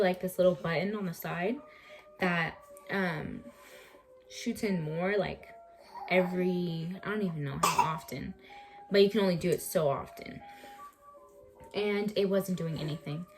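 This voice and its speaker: A woman's voice: fairly low pitch, steady tone, normal speed, soft background music. A young woman in a home vlog, recounting a personal story in a chatty, emphatic way and repeating words for effect. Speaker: vlogger.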